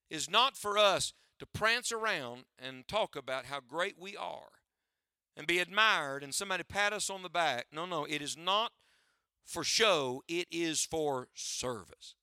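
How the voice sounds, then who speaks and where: A man's voice: on the high side, animated, unhurried, bright, forceful tone, clear, resonant tone, no echo, studio quality. A man preaching a sermon to his church, using a preacher's cadence and rhetorical questions, often asking listeners to write down his points. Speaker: pastor.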